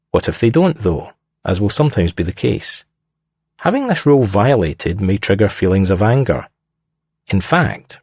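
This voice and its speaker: A man delivers scripted narration at a measured, deliberate pace. His voice sits low and a little husky, and it rises and falls expressively. The recording is dry and close. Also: a little mellow, no room sound.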